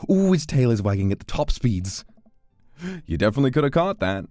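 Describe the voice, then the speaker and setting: A man's voice: mid-range voice, very animated, a little fast, darkish tone, no echo, studio quality, soft background music. A man streaming a game, reading its text aloud and joking in casual commentary. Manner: playful, reads game text aloud and jokes.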